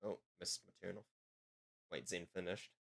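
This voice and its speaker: Easygoing gamer guy, low voice, mutters and swears offhand. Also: normal speed, vocal fry, no echo. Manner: laid-back, quiet asides, swears casually. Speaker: gamer chatting with friends. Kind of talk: casual chat over gameplay.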